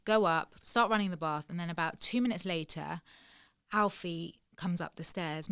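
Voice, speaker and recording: A woman co-hosting a casual podcast chat, telling animated stories and laughing often. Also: fairly low pitch, normal speed, smooth, no echo, clean studio sound. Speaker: podcast co-host.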